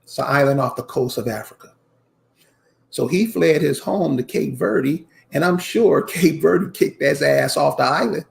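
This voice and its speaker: A channel host gives a casual commentary rant in a fairly high voice with vocal fry, at a moderate pace. He is emphatic and preachy, repeating lines and calling out to his viewers directly as "y'all."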